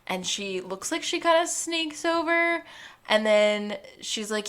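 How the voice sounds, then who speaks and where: Here a podcast co-host chats casually through a TV episode recap, her medium-pitched voice a bit bright and her speed normal. She laughs a lot and performs the characters' lines as she goes.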